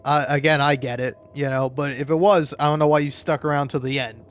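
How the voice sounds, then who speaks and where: A man's voice: on the high side, fairly even intonation, brisk, clear, resonant tone. Rambling, swearing let's-play guy. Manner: rambling, swearing, talks back to the game. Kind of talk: casual gaming commentary.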